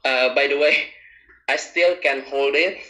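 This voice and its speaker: A man's voice: medium pitch, steady tone, slow pace, bright, forceful tone, echoey room. Hesitant man calling in. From Indonesia. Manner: hesitant, giggly, many fillers. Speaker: caller. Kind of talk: phone call-in chat.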